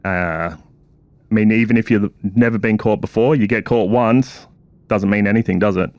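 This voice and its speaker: A man voicing a guarded male thief and marine, giving short, flat answers in character at a tabletop game. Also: on the low side, moderate pace, no room sound, dull audio, close to an everyday voice.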